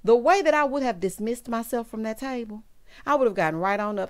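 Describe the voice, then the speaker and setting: A woman delivers a reality TV recap in a sassy, emphatic way, calling her viewers honey and child. Her pitch swings widely from line to line, and she breaks into loud exclamations as she talks. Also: expressive, brisk. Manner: bursts into loud laughter and exclamations. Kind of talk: casual recap and commentary.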